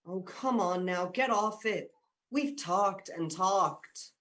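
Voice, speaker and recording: A man's voice: high-pitched, slow pace, fairly bright tone. A young man playing a persuasive male university student who coaxes and teases his girlfriend in a radio drama. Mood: teasing. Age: young adult. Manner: coaxing, teasing, insistent. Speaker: boyfriend Dick. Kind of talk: amateur radio drama acting.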